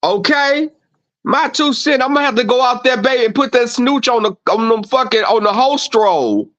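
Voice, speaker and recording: High-voiced man on a dull lo-fi stream. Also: brisk. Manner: profane, animated storytelling; acts out quoted exchanges. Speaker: livestream host. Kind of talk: casual chat with viewers.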